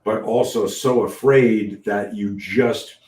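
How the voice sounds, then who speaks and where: Low-voiced man telling stories in an echoey room. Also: slow, distant mic. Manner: animated storyteller, swears freely, many restarts. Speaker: podcast host. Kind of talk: casual interview chat.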